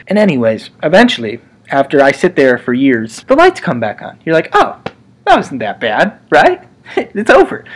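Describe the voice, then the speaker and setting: A young man telling a funny story to camera, animated, dropping into low mutters and jumping up into high squeals. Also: normal speed, husky. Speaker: comedy storyteller. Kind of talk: comic storytelling monologue.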